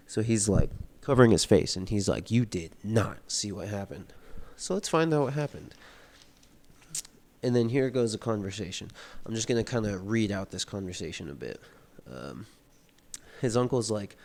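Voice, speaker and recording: A man's voice: on the low side, expressive, a little fast, a little mellow. Laid-back young man retelling a novel. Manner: laid-back, slangy retelling with lots of fillers. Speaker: book vlogger. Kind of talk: casual book report reading aloud.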